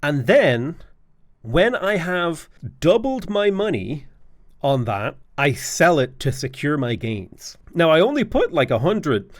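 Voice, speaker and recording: A man rambles and rants through his strategy gameplay, swearing often. His pitch swings widely as he talks. The sound is dry and close. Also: very animated, slow, no room sound. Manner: rambling, ranting, profane. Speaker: gaming video host. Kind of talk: casual gameplay commentary.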